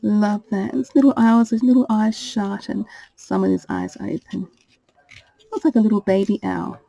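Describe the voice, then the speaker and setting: Woman, husky voice, gentle gushing haul chat, dry close sound. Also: medium pitch, steady tone, normal speed, dry recording, rough recording. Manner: gentle and gushing, fond of "little". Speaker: crafter showing her purchases. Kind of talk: casual show-and-tell haul.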